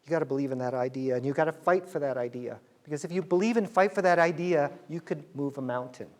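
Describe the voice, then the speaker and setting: A man's voice: on the high side, quick pace. A middle-aged man telling a business story to students, acting out the dialogue in quoted voices.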